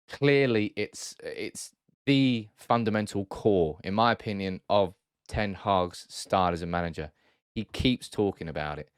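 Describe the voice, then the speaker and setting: A man's voice: lowish voice, measured pace, smooth, no echo, clean studio sound. A man hosting a football analysis video, talking through tactics in a chatty way with frequent restarts and self-corrections. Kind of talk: casual tactical breakdown.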